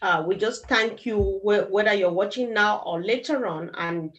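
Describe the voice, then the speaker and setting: A woman's voice: mid-range voice, normal speed, fairly bright tone, lo-fi sound. Chatty woman hosting a live chat. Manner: affirming, chatty, giggles between thoughts. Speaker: host.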